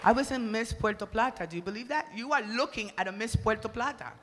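A woman from the Republic, doing a crude, loud stand-up comedy set and shouting her punchlines. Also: a little high, fast, noisy background. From Dominican Republic. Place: comedy stage before an audience. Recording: reverberant live venue, faint ambience.

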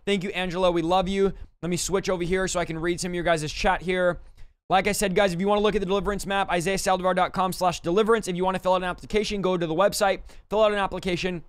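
A man hosting a livestream, quickly thanking donors and stumbling over names, a little out of breath. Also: high voice, level tone, clear, resonant tone, no room sound. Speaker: livestream host.

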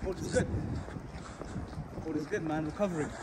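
A man's voice: on the high side, fairly even intonation, moderate pace, background noise. A man on a travel vlog, chatting casually and joking and laughing with his friends. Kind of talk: casual chat.

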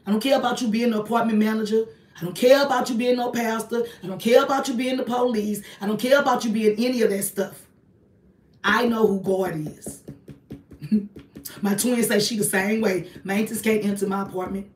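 A woman's voice: on the high side, steady tone, fairly quick, distant mic, a little hiss or hum. A woman, talking to her viewers in a casual livestream from her apartment, emphatic and repetitive as she preaches. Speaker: online ministry host. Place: small home apartment, indoors. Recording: echoey room, voice off-mic.

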